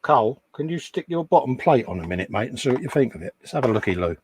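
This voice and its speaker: A man's voice: medium pitch, sing-song, fast, a little mellow, slight background noise. A man hosting a casual chat while building a model, teasing and bantering. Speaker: host.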